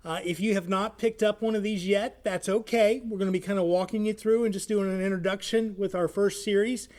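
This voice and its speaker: A man's voice: sits high, fairly even intonation, a little fast, darkish tone. A man working as a community education manager, introducing a video series and telling a story in a friendly, folksy way with many filler words.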